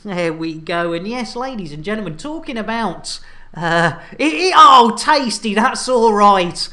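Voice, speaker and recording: A woman chatting casually to her viewers on a live game stream, animated and chatty with lots of fillers. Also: mid-range voice, measured pace. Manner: animated, chatty, full of fillers and thank-yous.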